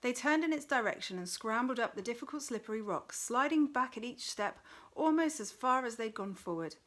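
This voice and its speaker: Expressive woman reading a story aloud. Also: fairly high pitch, a little fast. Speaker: reader.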